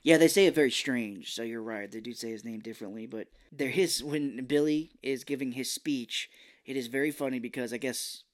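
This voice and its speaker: A man co-hosting a film podcast talks in an easygoing, chatty way. His voice sits at a middle pitch. He keeps breaking into quick impressions as he retells scenes. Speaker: podcast co-host. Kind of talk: casual film review chat.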